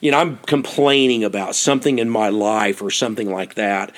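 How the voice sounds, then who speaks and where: An American man telling a personal story for his podcast, animated and laughing often as he repeats himself. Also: fairly low pitch, fairly quick.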